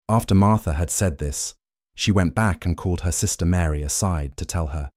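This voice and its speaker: A man narrating scripture in a steady, measured way. His voice is very deep and mellow. It is recorded dry and close, with no room sound. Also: no room sound. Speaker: scripture reader.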